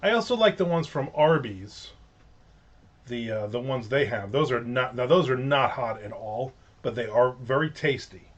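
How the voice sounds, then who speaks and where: A man's voice: mid-range voice, lively intonation, moderate pace. A middle-aged man hosting a casual livestream from home, rambling through stories with jokey asides. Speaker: livestream host. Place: at home with windows open. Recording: slightly dull lo-fi sound.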